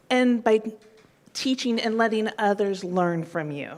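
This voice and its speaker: A woman giving a heartfelt, tearful tribute speech at a city council meeting, speaking slowly and fighting back emotion. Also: medium pitch, expressive, darkish tone. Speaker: public commenter. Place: council chamber.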